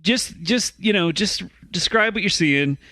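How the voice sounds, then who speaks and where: A man hosting a comedy news podcast, reading a story and steering the segment in a slightly halting way. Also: sits high, expressive, bright, forceful tone, no room sound. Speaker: podcast host presenting news stories. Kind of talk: mock news reading and casual chat.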